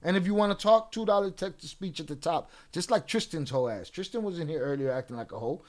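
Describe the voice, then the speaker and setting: Livestream host, male, high-pitched, profane and taunting, rants straight at his chat. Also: lively intonation, quick pace. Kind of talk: livestream rant addressing chat.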